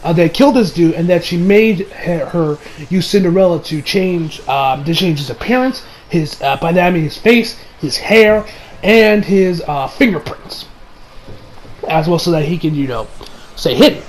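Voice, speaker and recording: High-voiced man, rambling anime reviewer. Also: expressive, normal speed, a little hiss or hum, poor audio. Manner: rambling, many fillers, frequent swearing. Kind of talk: casual video review.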